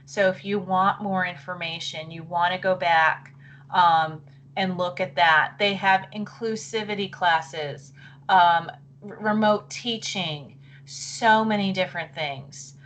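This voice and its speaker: A middle-aged woman presenting a live online session for teachers. She talks in a chatty, apologetic way and thinks aloud while clicking through. Her voice wavers and she keeps clearing her throat. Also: lowish voice, takes it slowly, fairly bright tone, slight background noise.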